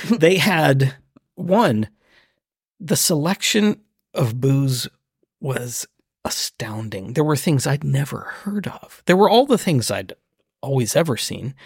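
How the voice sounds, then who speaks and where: Brief Male podcast co-host, lively storyteller, slightly husky, dry close mic. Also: takes it slowly, no room sound. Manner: animated, acts out his own reactions in high bursts. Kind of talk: casual chat, comic storytelling.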